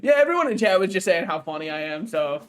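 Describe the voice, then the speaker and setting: High-voiced joking young man streamer. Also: sing-song, fast, smooth, soft background music. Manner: joking, rambling, laughs at own jokes. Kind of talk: casual gaming stream chat.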